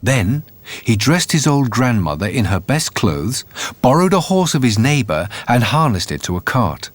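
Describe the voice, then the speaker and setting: Guy reading a fairy tale, mid pitch, really lively, faint music behind. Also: normal speed. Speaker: narrator. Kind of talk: storybook narration.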